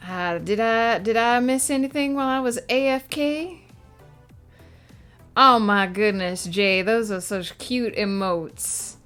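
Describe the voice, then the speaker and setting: A woman streamer chatting casually on a live stream, talking along while she fiddles with props. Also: medium pitch. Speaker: streamer and writer.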